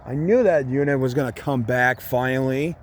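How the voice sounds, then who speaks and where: A man filming trains trackside outdoors, talking casually and excitedly, repeating himself and calling out locomotive numbers. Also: mid-range voice, normal speed. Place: outdoors beside a railway line. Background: passing train, outdoor noise.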